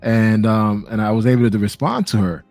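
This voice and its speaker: A man hosting a podcast discussion, laying out his view in a measured way, point by point. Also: on the low side, darkish tone, dry recording, soft background music. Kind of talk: casual discussion.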